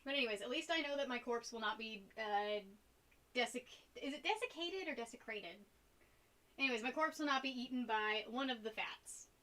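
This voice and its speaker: A woman's voice: on the high side, moderate pace, bright, forceful tone. A young woman chatting casually on a live stream while she paints, rambling and giggling between topics. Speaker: art streamer.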